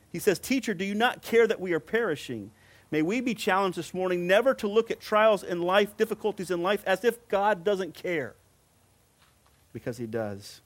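Delivering a sermon in a high-sitting voice, this middle-aged preacher leans on repeated phrases for emphasis, easing his pace whenever he wants a scripture quote to land.

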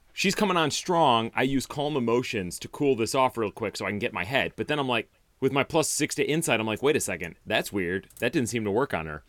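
A man co-hosting a podcast, telling game scenarios in an animated way and teasing his partner. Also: mid-range voice, no room sound. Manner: animated storyteller, wry teasing. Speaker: podcast co-host. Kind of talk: casual chat about tabletop game scenarios.

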